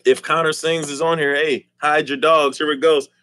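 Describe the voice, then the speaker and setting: A man's voice: a little high, little pitch movement, moderate pace, a bit bright, dry recording, studio quality. A man hosting a casual live stream, joking and teasing the chat and laughing often. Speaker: livestream host.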